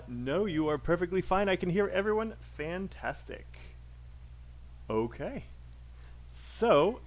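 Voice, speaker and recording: A man with a British accent teaching a live online English pronunciation class, upbeat and encouraging with frequent fillers. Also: on the high side.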